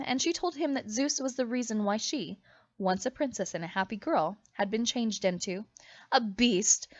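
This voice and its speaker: Lively, dramatic woman storybook reader. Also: on the high side, no echo. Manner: expressive, dramatic reading. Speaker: audiobook reader. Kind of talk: storybook read-aloud narration. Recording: dry, slightly muffled home recording.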